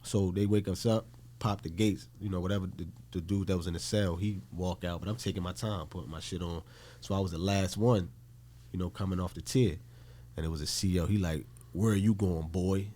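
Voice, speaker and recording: A man's voice: low voice, steady tone, a little fast, a little mellow. A man from Newark, New Jersey, a podcast guest telling a story in casual, blunt, profane talk and acting out the voices he quotes.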